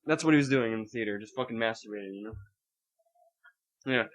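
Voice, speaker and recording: A fast-talking young man with a lowish voice co-hosts a podcast, rambling through a story in casual conversation. He's animated, swears frequently, and acts things out.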